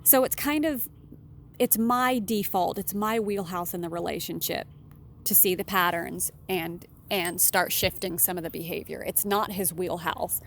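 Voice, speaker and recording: A woman relationship consultant giving blunt, candid advice in a solo monologue, swearing casually and jumping up in pitch for emphasis. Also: measured pace, slight background noise. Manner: animated, with sudden emphatic jumps in pitch.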